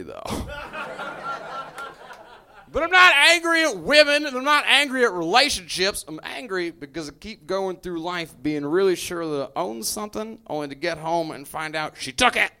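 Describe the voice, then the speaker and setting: A man's voice: high-pitched, creaky, sharp tone. A man doing a stand-up set, exasperated and self-mocking. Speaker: stand-up comedian.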